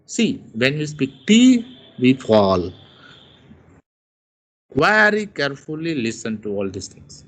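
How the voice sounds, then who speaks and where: A man's voice: a little high, big pitch swings, a bit bright. A man teaching a lesson on intonation, stretching his rises and falls to demonstrate each tone. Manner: slow, exaggerated rises and falls to demonstrate tones. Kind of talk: lecture on intonation.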